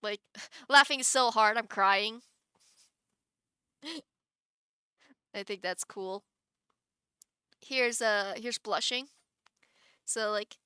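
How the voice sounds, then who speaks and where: A woman's voice: mid-range voice, slow pace, long pauses, sharp tone, clean tone, no room sound, studio quality. A woman streamer chatting casually on a live stream, giggling often and rambling with many restarts.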